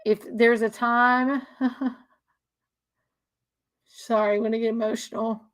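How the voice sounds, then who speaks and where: A woman's voice: on the high side, flat delivery, moderate pace. A woman talking earnestly in an unscripted monologue, repeating herself and restarting sentences often. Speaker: speaker sharing religious views. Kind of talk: casual emotional monologue.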